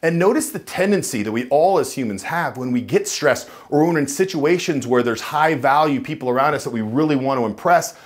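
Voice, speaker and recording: An animated, lively-pitched man talks straight to camera as a coach. He is emphatic and now and then sinks into a deep chest voice to show the difference. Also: brisk, hardly any pauses. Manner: emphatic, drops into a low chest voice to demonstrate. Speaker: dating and voice coach. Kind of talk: instructional talk to camera.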